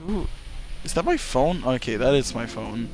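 A man's voice: medium pitch, big pitch swings, normal speed. A man streaming a video game, chatting casually, swearing and laughing, yelping and screaming at sudden deaths. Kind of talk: casual gameplay chat.

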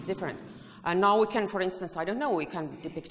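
In a large hall with long reverb, a woman who presents choir education runs a singing workshop, guiding the audience through vocal exercises and often singing phrases herself. Her medium-pitched voice has lively intonation and a fairly quick pace, with a little hiss or hum on the recording.

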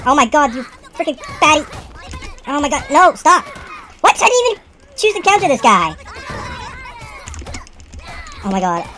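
A woman's voice: high voice, big pitch swings, a little slow, pauses often, sharp tone, a little hiss or hum. A woman playing a video game and reacting aloud, exasperated, exclaiming and cursing at what happens on screen. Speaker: let's play gamer. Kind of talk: live gameplay commentary.

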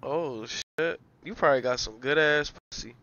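A man's voice: on the high side, moderate pace, bright, forceful tone, highs cut off. A man trolling strangers on a video chat call, talking in a mocking, crude and abrasive way. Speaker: prank caller on a video chat app.

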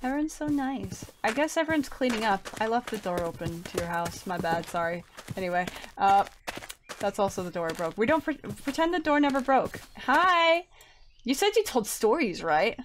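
A woman in a casual live-streamed game role-play, playful and excitable. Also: a little high, moderate pace, background noise. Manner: playful, excitable, laughs often. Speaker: role-player.

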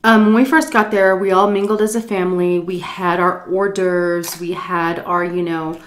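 A woman's voice: on the low side, level tone, moderate pace. A woman vlogger telling a story while eating, tipsy from shots, rambling, swearing freely and laughing often. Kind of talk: casual storytime chat.

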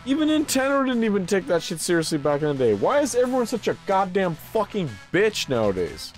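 A man's voice: high-pitched, sing-song, a little fast, hardly any pauses, faint music behind. A man giving casual, profane, joking commentary while playing a video game. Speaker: streamer.

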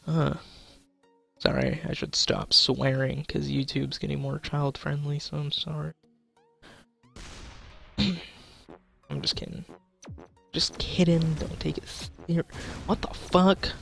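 A man's voice: a little high, steady tone, slow pace, gravelly, long pauses, fairly bright tone, slightly rough, faint music behind. A young man giving casual gameplay commentary, swearing and joking as he plays. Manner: swearing, frustrated, joking, talking to chat. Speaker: gaming YouTuber.

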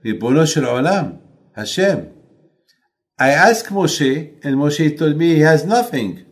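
A man's voice: fairly high pitch, expressive, slow. A man voicing the Satan as a pleading, puzzled accuser who keeps asking questions in a raised, insistent voice.

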